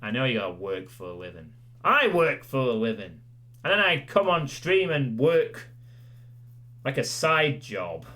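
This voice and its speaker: A male streamer chats casually with his livestream audience in a medium-pitched voice that is bright, forceful and very animated, yet unhurried. He rambles, pokes fun at himself, and says "you know" a lot.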